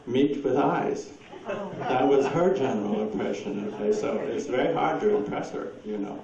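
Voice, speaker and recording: A man's voice: medium pitch, moderate pace, vocal fry, recorded from a distance, a crowd in the background. A man telling anecdotes at a presentation and taking audience questions, rambling and chuckling often as he acts out quoted voices. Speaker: speaker at a presentation. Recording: dull echoey hall recording from afar.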